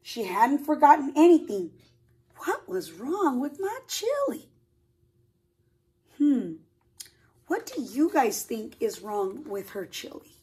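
A woman reads a storybook to preschoolers in a high, sing-song voice that swoops widely between notes. She takes her time and pauses to ask the children questions. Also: mellow, slightly rough. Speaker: preschool teacher. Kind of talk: storybook read-aloud for children.

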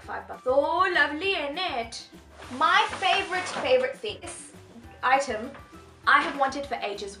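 In an echoey room with quiet music underneath, a young woman who vlogs about fashion raves about a casual haul. She sounds high and bright, with a chatty, bubbly energy.

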